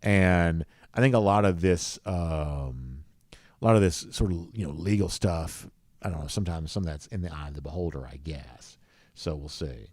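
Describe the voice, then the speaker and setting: A man's voice: low voice, normal speed, darkish tone, no room sound. A man hosts a live show, reading viewer comments in an easygoing, rambling way with many fillers. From rural US South. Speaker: podcast host.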